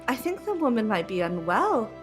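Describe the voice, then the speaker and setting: A woman's voice: fairly high pitch, big pitch swings, moderate pace, over music. A woman playing a tabletop game, speaking in character as a mother with a prim, indignant tone. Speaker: player.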